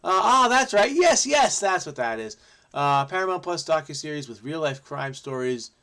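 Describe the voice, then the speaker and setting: A man from New Jersey solving a crossword aloud, excitable and frenetic, muttering to himself and breaking into snatches of song. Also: a little high, normal speed, clear, resonant tone. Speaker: crossword solver host. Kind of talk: thinking aloud while solving.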